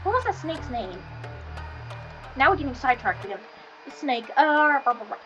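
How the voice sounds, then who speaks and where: A young woman with a high, light voice chats loosely and keeps wandering off topic, talking half to herself. Music plays clearly underneath her the whole time. It is a relaxed streamer ramble, not a prepared script. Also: normal speed, muffled recording. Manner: rambling, easily sidetracked, chatty. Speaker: streamer chatting while drawing. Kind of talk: casual rambling chat.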